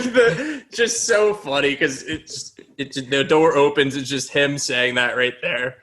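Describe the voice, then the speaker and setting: A man's voice: a little high, takes it slowly, a bit bright. A young man co-hosting a podcast in casual chat, laughing often as he retells favorite movie lines. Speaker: podcast co-host.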